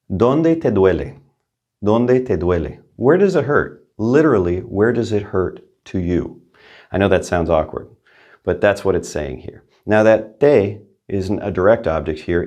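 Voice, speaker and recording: Deeper-voiced male teacher, patient lesson delivery that keeps asking the learner "okay?". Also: darkish tone. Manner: patient, checks in with "right?" and "okay?". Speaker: Spanish teacher. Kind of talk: explaining grammar to learners.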